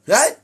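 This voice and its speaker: A man with a Jamaican accent preaching to online viewers in a sing-song, rhetorical way, often asking "right?" and clearing his throat. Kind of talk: preachy livestream address to viewers. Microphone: speaking straight to a camera or phone.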